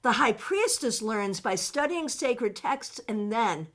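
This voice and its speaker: A woman teaching a live online tarot workshop, reading out viewers' comments, animated and laughing often, with many fillers and restarts. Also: on the high side, slow.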